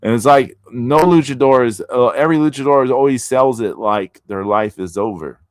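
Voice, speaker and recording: A man's voice: medium pitch, a little fast, no room sound, clean studio sound. A man hosting a casual wrestling podcast, easygoing, reading out listener comments. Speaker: podcast host.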